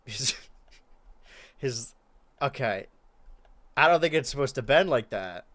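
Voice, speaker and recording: Young male streamer, lively bright voice, hypes and shouts over a wrestling game, then mutters low. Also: slow. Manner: animated, shouts and pleads at big moments, mutters while counting. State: out of breath. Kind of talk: excitable play-by-play commentary.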